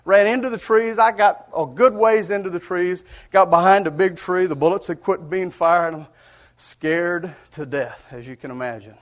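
A man preaches a sermon, easing into it with a folksy personal story. His voice sits high for a man, and his delivery is earnest and conversational, dotted with chuckles. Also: moderate pace.

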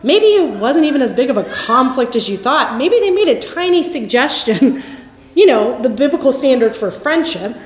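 This Christian teaching talk comes from a middle-aged woman whose voice sits high and sounds very animated at a normal speed. Candid and conversational, she tells stories and often lets thoughts drift off softly, all in an echoey room.

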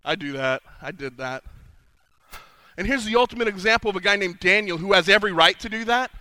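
A man preaching to a conference crowd. He drops to a hushed plea one moment and rises to loud, ringing proclamation the next. His voice sits high and sounds piercingly bright, and the recording is dry and close. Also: fairly quick, no room sound, rough recording. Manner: dramatic, swings from hushed pleading to loud proclaiming. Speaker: conference speaker. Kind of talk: sermon. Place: conference hall.

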